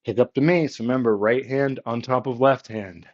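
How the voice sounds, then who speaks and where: A man leading a yoga workout with calm, encouraging step-by-step cues. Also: mid-range voice, normal speed. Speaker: yoga instructor. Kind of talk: guided workout instruction. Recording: slightly muffled, lo-fi audio.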